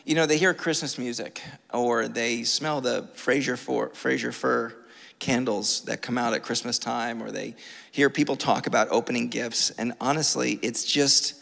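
A man preaching a sermon from a church, telling a funny personal story with lively, self-mocking energy. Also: medium pitch, moderate pace, gravelly. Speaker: pastor. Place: church sanctuary. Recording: long reverb of a church hall.

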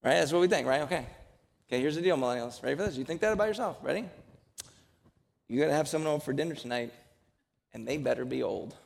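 A man's voice: a little high, lively intonation, fast talker, vocal fry, long pauses. A man preaching a sermon as pastor to a congregation. He jokes in a conversational way, then presses his point with emphatic exhortation. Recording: long hall reverb.

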